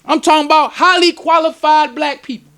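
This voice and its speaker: A man, a minister, preaching a lecture at a temple in an excitable, emotional way, breaking into sudden shouts. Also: very high-pitched, a little fast.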